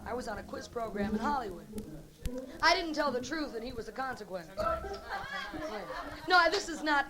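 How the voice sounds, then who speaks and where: A middle-aged woman doing live stand-up comedy, teasing the audience with bawdy jokes in a brassy, teasing manner. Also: fairly high pitch. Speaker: stand-up comedian working the crowd. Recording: live club recording with loud crowd.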